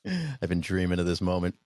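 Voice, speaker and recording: A man's voice: low-pitched, darkish tone, no echo. A man co-hosting a podcast who tells rambling, profane stories and laughs through them. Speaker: podcast co-host, youth football coach. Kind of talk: casual chat, storytelling.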